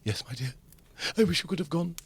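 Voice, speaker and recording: A man doing a gentle, grieving father who speaks quietly and with sorrow. The voice sits close to his own, with a soft lift on tender words. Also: a little high, animated, fairly quick, slightly rough, pitched above the performer's own voice, full character voice. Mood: sorrowful.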